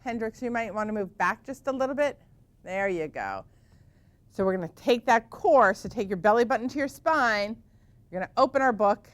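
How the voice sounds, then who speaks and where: Gentle, encouraging woman teaching children's yoga. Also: on the high side, lively intonation, normal speed, no echo. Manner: gentle, encouraging, asks many questions.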